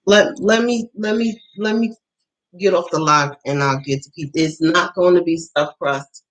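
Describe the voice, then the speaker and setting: A woman's voice: lowish voice, steady tone, unhurried, pauses often, low-quality recording. A woman hosting a casual livestream, telling stories bluntly with a lot of swearing and laughter, acting out her own past remarks in quoted voices. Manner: blunt, profane storytelling with frequent laughter. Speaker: tarot channel host.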